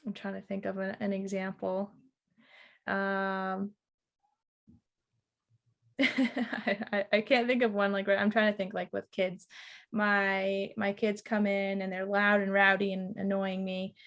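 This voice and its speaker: Slow and gravelly, with long pauses and a level, mid-range voice, a middle-aged relationship mentor reflects as a guest on a casual podcast interview. She often restarts and performs small quoted lines.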